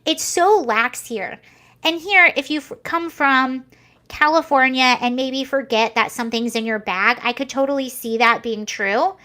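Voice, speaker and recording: Young woman vlogger, higher pitch, casual rambly commentary full of fillers. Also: measured pace, sharp tone. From United States. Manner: chatty, rambling, many fillers and restarts.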